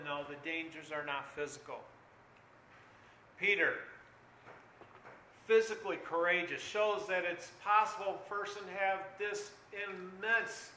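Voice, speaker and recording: An older man preaching a sermon earnestly, dropping low and quiet, then rising loud and urgent. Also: echoey room, slight background noise, poor audio.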